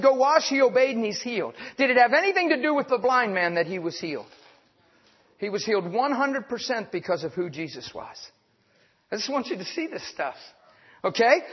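A man preaching a sermon in a folksy, fast-talking way, chuckling and acting out the voices in the stories. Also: very high voice, breathy edge. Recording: muffled, echoing hall.

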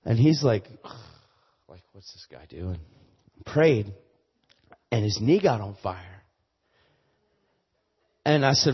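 Husky man preaching a testimony sermon. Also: mid-range voice, moderate pace, big-room sound. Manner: repeats words, builds to loud emphatic preaching. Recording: muffled lo-fi sermon recording.

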